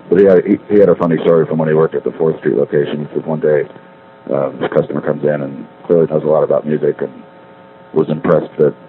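A middle-aged man calling from a street payphone, rambling wryly and correcting himself as he talks. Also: very deep voice. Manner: meandering, self-correcting, wry. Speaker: caller leaving a spoken diary. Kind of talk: rambling casual monologue. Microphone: payphone handset. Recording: tinny payphone line with faint street noise.

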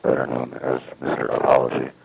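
Man, rambling, hesitant, husky, flat delivery, tinny phone-line sound. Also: very deep voice, a little fast. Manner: rambling, hesitant, self-doubting. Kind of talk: casual spoken monologue. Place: at a payphone.

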